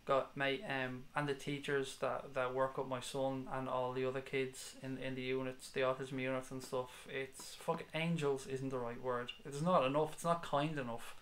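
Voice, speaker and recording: A man's voice: mid-range voice, level tone, normal speed, hardly any pauses, a bit bright, slight background noise. Sweary, passionate man in his thirties. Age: 30s. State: has a headache. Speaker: football fan channel host. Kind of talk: live-stream chat reading comments.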